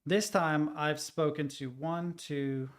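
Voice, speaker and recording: A young man streaming live, chatting casually and ranting with plenty of swearing and animated retellings. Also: fairly high pitch, slow pace.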